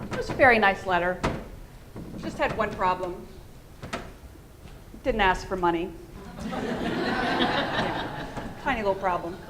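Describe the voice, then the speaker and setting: A woman's voice: mid-range voice, noisy background. American woman presenting to a room. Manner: engaging, addresses the audience with questions. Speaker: fundraising communications consultant. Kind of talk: conference presentation.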